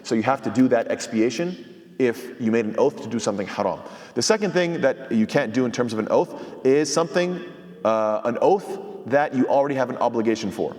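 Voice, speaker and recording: A man's voice: medium pitch, expressive, brisk, darkish tone, big-room sound. A man, an imam, giving a sermon-style commentary on scripture, explaining step by step, quoting Arabic and asking rhetorical questions.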